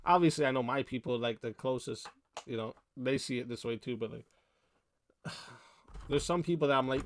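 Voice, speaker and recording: A man's voice: mid-range voice, normal speed, long pauses. A young man hosting a livestream, ranting bluntly at his chat with heated language and constant cursing. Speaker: livestream host. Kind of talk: profane livestream rant.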